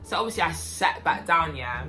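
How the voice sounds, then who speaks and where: Animated young woman, music behind. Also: moderate pace. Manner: animated, swings into loud high outbursts. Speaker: waitress telling a story. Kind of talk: casual storytime vlog.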